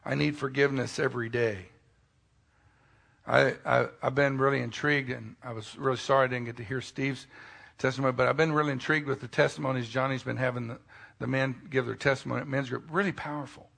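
A male pastor preaching a sermon, swinging between loud, emphatic declarations and quiet, intimate asides, with folksy jokes mixed in. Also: mid-range voice, fairly even intonation, fast talker, vocal fry.

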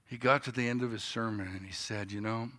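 A man in his fifties preaching a sermon, telling a story in a style that moves from quiet reflection to loud, animated telling. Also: mid-range voice, quick pace. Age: 50s.

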